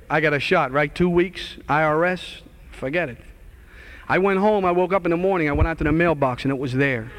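A man in his forties giving an earnest, animated testimony. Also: on the high side, normal speed. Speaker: guest speaker sharing testimony. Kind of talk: testimony talk.

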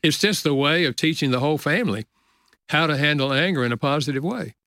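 An older man, a guest author, telling a personal story in an earnest, gentle way with frequent soft chuckles. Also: on the high side, quick pace, dry recording, studio quality. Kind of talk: reflective storytelling interview.

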